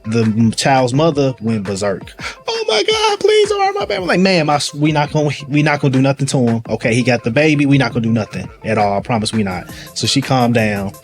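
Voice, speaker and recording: A man's voice: medium pitch, fast, few pauses. St guy spinning a story, slangy, does all the voices, faint music behind. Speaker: police sergeant guest. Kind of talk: casual storytelling conversation. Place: live event venue.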